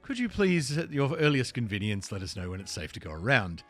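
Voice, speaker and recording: A man putting on a prim, over-formal voice, lower than his own, asking politely over a radio. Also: sing-song, fairly quick, fairly bright tone, soft background music.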